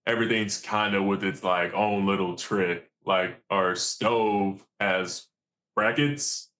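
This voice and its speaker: A man, a commercial fisherman, telling stories in a casual, animated and profane way. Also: sits low, slow, slight background noise. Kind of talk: casual storytelling.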